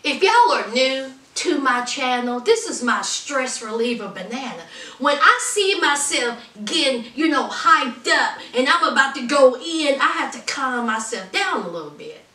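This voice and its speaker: A woman with a high, bright voice talks through a reality show recap in a sassy, outspoken way, taking her time. She sits back from the mic in an echoey room. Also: sing-song, a little slow. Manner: sassy, outspoken, calls viewers honey and y'all. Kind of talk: casual commentary. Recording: roomy echo, distant from mic.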